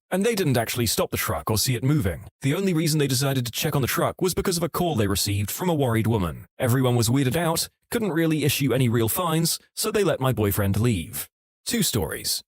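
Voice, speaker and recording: A man narrating online stories in a steady, scripted storytelling delivery. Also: mid-range voice, no echo, clean studio sound.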